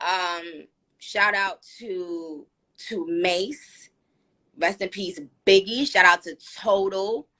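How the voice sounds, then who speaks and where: Her voice is fairly low and slow, with a New York accent, as she hosts a live stream. She chats casually and animatedly, filling her speech with fillers.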